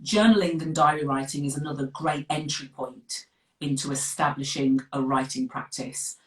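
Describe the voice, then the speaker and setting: A middle-aged woman with a Birmingham accent, chatting as a guest author on a live video call, direct and quick to laugh. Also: low voice, steady tone, fairly bright tone. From West Midlands of England. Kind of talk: casual live interview. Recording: echoey room, distant from the mic.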